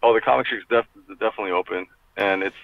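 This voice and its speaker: Fast and gravelly, his lowish voice comes over tinny, dry call audio. The middle-aged man joins an interview by video call from his car, talking casually with plenty of rambling and swearing.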